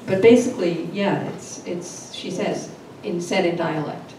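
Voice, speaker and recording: A woman translator answering panel questions in a halting way, with many fillers and restarts. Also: lowish voice, dark tone. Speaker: literary translator. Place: literary event hall. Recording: echoey room, distant mic, noisy.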